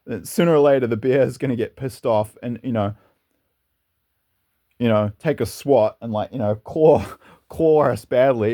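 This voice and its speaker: A man with a mid-range voice and a dark tone talks at a normal speed. As host of his own channel, he gives a casual, opinionated monologue that rambles earnestly and includes occasional laughter.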